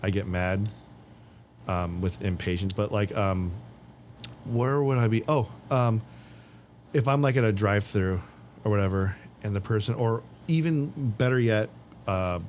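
A man's voice: on the low side, measured pace, darkish tone, slight background noise. A man on a podcast, chatting casually and telling rambling stories, acting out what people said. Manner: rambling storyteller, acts out quotes. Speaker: podcast co-host. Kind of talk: casual chat.

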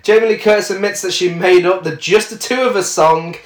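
A man's voice: high voice, fairly quick, reverberant, a crowd in the background. A man co-hosting a casual chat, reading film trivia aloud with frequent "uh"s and laughs. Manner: reads facts aloud with frequent uhs and laughs.

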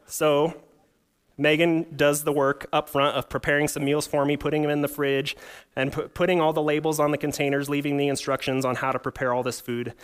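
A man's voice: fairly high pitch, level tone, a little fast, clean tone. Man preaching a casual sermon. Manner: storytelling with humor, rhetorical questions. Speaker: pastor.

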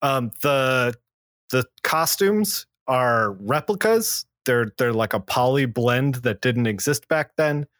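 A man's voice: expressive, slow pace, a bit bright, dry recording. Podcast co-host, male, rambling plot recaps, dry close mic. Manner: recaps plots loosely with many fillers and restarts; acts out character lines in a lower voice. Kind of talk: casual comic book discussion.

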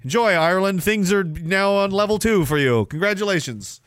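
A man hosts a podcast and rants about politics, swearing freely and dripping with sarcasm. His voice sits on the higher side for a man, and he rambles from point to point. The sound is close and dry, with no room around it. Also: expressive, normal speed, hardly any pauses, fairly bright tone, clean tone, dry recording. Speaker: podcast host. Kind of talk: ranting political commentary. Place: Canada.

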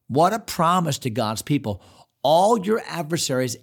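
Male pastor, mid-range voice, earnest expository preaching with lively paraphrase. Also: medium pitch, moderate pace, creaky, husky. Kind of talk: expository sermon. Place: church.

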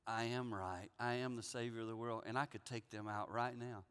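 A man preaching voices God speaking in a soft, low, near-whispered, earnest way, in a reverberant hall. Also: moderate pace, close to an everyday voice. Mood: solemn. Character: hushed low voice of God, gentle, patient.

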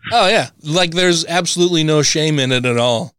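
Man, podcast co-host, profane, candid, smooth voice, dry close sound. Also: on the high side, fairly quick, fairly bright tone, dry recording. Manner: profane, laughs often, candid. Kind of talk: casual podcast chat.

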